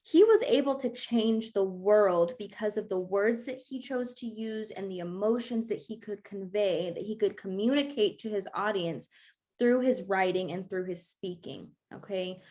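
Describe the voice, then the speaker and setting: A woman's voice: mid-range voice, a little mellow. A young woman teaching an online class, encouraging and checking in often with her students. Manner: encouraging, checks in with frequent okays.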